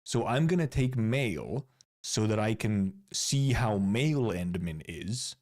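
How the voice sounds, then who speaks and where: A man's voice: on the low side, lively intonation, a little slow, darkish tone. A Finnish streamer chatting casually as he reviews game content, rambling and restarting his words. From Finland. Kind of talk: casual live-stream commentary.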